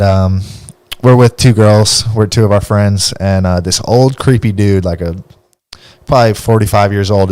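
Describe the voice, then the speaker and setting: Low-voiced young man telling stories. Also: a little mellow, clear, resonant tone, dry recording. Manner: laughs often while telling stories. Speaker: podcast host. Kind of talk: casual storytelling.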